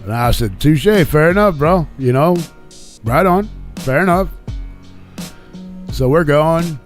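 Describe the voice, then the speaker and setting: A man's voice: a little high, expressive, takes it slowly. A man hosting a radio show, telling a long story in casual, profane chat and acting out the quotes of people in it. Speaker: podcast host. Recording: faint music behind.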